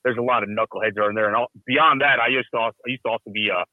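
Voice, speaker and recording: A man calling in to a talk show, telling stories in a quick, joking, animated way. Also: mid-range voice, no echo. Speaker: guest caller. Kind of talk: casual storytelling. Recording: tinny phone-like line.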